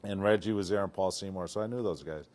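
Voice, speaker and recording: An older man from Detroit, a retired football player, telling stories in a casual interview, animated and acting out what people said. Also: low-pitched, quick pace. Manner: animated, acts out quotes, laughs often.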